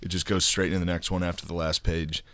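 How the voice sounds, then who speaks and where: A man's voice: deep voice, level tone, quick pace, bright, forceful tone, no room sound. A man who is a guest comedian, chatting casually on a podcast in a loose, profane, self-deprecating way.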